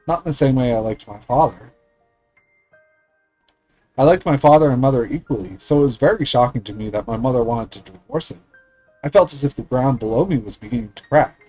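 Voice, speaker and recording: A man streamer reading a visual novel aloud in a steady, earnest way with small slips. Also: medium pitch, dry recording, rough recording.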